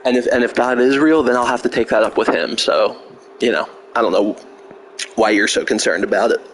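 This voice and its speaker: A man's voice: medium pitch, fairly even intonation, a little fast, slight background noise. A man live-streaming a video game, trash-talking a troll in chat with heavy profanity and sarcasm. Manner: profane, mocking trash talk.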